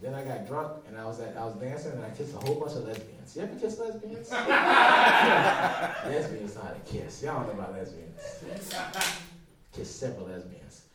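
A man doing a stand-up routine, telling a loud, animated story and mocking other people in put-on voices. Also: medium pitch, normal speed, heavy background noise. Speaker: stand-up comedian. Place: comedy club stage. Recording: echoey room, far mic, crowd. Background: audience laughter.

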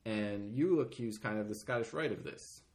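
A man's voice: fairly low pitch, moderate pace, a little mellow. Rambling, swearing man hosting a podcast. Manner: loose, profane, rambling. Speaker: podcast host. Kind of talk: casual podcast conversation.

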